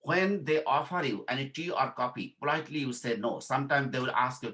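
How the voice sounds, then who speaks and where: A man's voice: medium pitch, a little fast, low-quality recording. A man from Bangladesh giving an informal workshop lesson, repeating his points and checking in with "okay?". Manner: repeats phrases, asks "okay?" to check understanding; acts out quoted dialogue in softer voice. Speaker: workshop instructor. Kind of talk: informal teaching talk.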